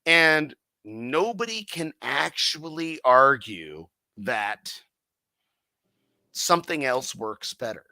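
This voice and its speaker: A man's voice: medium pitch, big pitch swings, takes it slowly, sharp tone, no room sound. A man guesting on a casual podcast about his car audio company, swearing constantly and heatedly acting out his customers' remarks.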